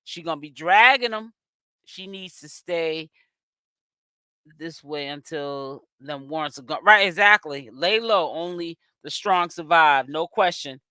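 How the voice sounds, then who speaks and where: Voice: medium pitch, sharp tone, clear, resonant tone, dry recording, studio quality. A host from Boston with a Boston accent, giving sassy, chatty live-stream commentary and reading viewers' chat aloud. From Boston, Massachusetts. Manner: sassy and chatty, with drawn-out exclamations. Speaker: host of a celebrity gossip channel.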